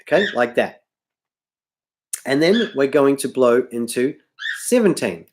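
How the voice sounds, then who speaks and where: Against a noisy background, a man with an expressive, medium-pitched voice and measured pace teaches harmonica live online. Tired and losing his voice, he rambles, fixes his own words often, apologizes, and has harmonica playing behind him.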